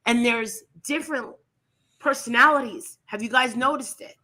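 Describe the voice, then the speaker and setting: A woman hosting a casual commentary show, blunt and openly scornful. Her voice sits high and comes across bright and sharp. She talks in an animated, outspoken way. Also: moderate pace. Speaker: commentary channel host.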